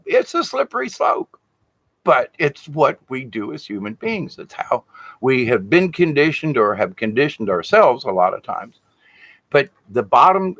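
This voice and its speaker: A man talks through spiritual advice in an unscripted, folksy way. His pitch rises and falls in big, animated swings, and he speaks bluntly with casual cursing. The voice sits in an average register and sounds dry, with no room echo. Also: unhurried. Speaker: shaman teacher. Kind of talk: informal spiritual teaching monologue.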